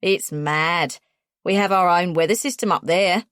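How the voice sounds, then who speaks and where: A brash, overconfident young Australian guide, as a woman reads him in an audiobook. He sounds breezy and self-assured, pitched a little low, in a dry, close recording. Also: unhurried, a bit bright, dry recording. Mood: cocky.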